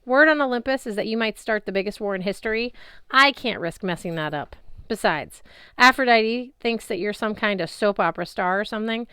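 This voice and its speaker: A woman voicing a brash, bullying male war god who taunts in a gruff, loud way, in an audiobook reading. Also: mid-range voice, lively intonation, brisk, dry recording, studio quality. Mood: taunting.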